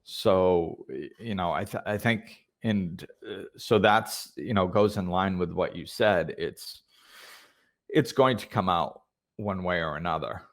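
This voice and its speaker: Deep-voiced reflective male podcast host. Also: a little slow. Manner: thoughtful, hesitant, many fillers and restarts. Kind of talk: reflective conversational talk.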